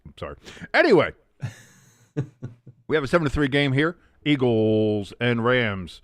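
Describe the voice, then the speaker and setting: A man hosting a live game watch-along, calling plays and chatting with loud, profane tangents. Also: mid-range voice, a little slow, pauses often, dry recording, studio quality. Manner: animated play-by-play mixed with profane rants. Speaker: host.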